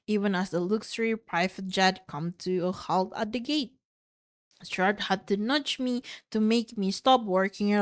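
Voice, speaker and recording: A woman's voice: mid-range voice, dry recording, studio quality. A woman streamer reading a novel aloud, stumbling over words and correcting herself as she goes.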